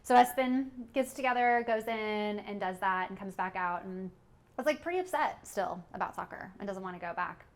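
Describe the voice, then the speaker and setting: A woman's voice: medium pitch, normal speed. A woman co-hosting a parenting podcast, talking casually with many fillers and frequent laughs. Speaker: podcast co-host.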